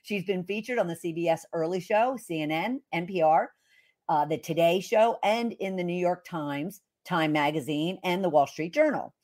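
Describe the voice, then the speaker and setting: A woman's voice: fairly low pitch, moderate pace, a little mellow. A woman hosting an interview podcast, introducing her guest with effusive enthusiasm. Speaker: podcast host.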